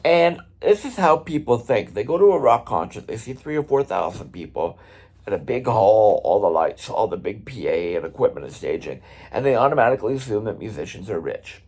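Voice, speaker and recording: Husky, animated middle-aged man telling a story. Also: on the low side, fairly quick. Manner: animated, conversational, swears casually. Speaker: drummer and vlog host. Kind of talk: casual storytelling vlog.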